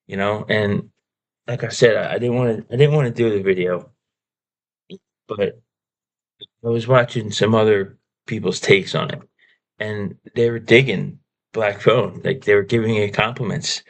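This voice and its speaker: Casting: low-voiced man, frustrated film reviewer, ranting and stammering through a casual vlog. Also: fairly even intonation, moderate pace, long pauses. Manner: exasperated, ranting, repeats himself, stammers. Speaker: movie reviewer.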